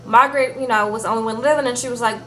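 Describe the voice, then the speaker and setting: A woman giving a casual, animated recap of a TV episode, peppering it with "girl" and "okay?". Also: fairly high pitch, very fast, a little hiss or hum, low-quality recording. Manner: chatty, animated, says "girl" and "okay?" often. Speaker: TV show recap reviewer.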